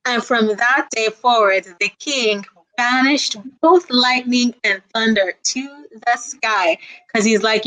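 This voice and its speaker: A woman's voice: a little high, a little slow, a bit bright, poor audio. A woman who writes children's books, telling a folktale aloud in a playful way and drawing the listener in with call-and-response. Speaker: children's book author and guest.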